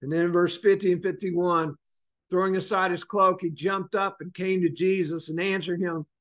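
A man with a notably high voice teaches a church Bible study class. He speaks earnestly, drawing words out and repeating them to drive a point home. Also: little pitch movement, normal speed.

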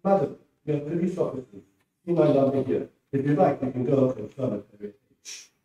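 A man's voice: medium pitch, expressive, a little fast, warm tone, dull audio, voice pushed up, close to an everyday voice. A man voicing a blunt, firm male police officer. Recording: roomy hall from far off.

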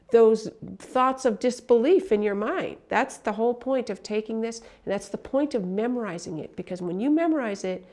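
A middle-aged woman directing a prayer ministry, gently and earnestly explaining and leading a spiritual affirmation. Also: mid-range voice.

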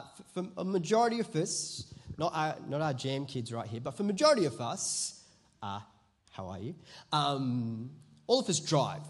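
A man preaching a sermon as pastor, chatty at first and then rising to loud, emphatic preaching. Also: a little high. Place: church auditorium.

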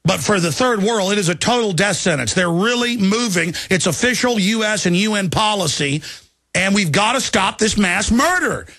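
A man's voice: high-pitched, lively intonation, normal speed, no echo, studio quality. A man hosting a radio talk show, ranting in an agitated, heated way. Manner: agitated, ranting, mimics people in shouted voices. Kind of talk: heated political rant.

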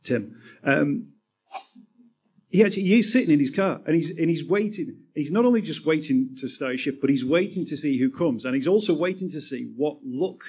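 A man's voice: a little high, lively intonation, moderate pace, a little mellow, breathy edge. A man hosting a live on-stage interview, asking long, winding questions full of "sort of". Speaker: podcast host and interviewer.

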